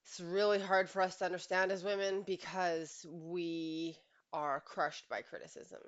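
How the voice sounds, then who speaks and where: Low-voiced woman coach, earnest and emphatic. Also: level tone, measured pace, muffled recording. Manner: earnest and emphatic, with rhetorical questions and short laughs. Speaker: relationship coach. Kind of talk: direct-to-camera advice monologue.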